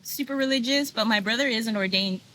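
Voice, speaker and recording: A woman's voice: on the high side, quick pace, fairly bright tone, rough recording. A woman telling her personal story as a podcast guest, earnest and frank, with lots of fillers. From United States. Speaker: guest, sound healer. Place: video podcast set.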